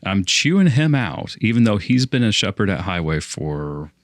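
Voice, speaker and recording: A man's voice: fairly low pitch, very animated, normal speed, dry recording, clean studio sound. A young man on a casual podcast, telling a long story in a rambling way and often restarting his sentences. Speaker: podcast co-host.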